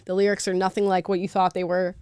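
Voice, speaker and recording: A woman's voice: fairly low pitch, little pitch movement, fast talker, a little mellow, clean tone, no room sound. Chatty woman host with dry sound. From American South. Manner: chatty, laughs often. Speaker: show host. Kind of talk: casual chat.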